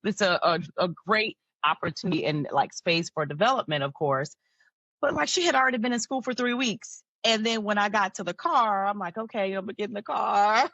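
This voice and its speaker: A woman's voice: mid-range voice, expressive, normal speed, no room sound, muffled recording. A woman guest on a podcast, telling personal stories in a reflective, candid way. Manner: reflective, candid, often laughs softly. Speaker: guest, mental health counselor. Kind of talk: personal storytelling in a podcast conversation.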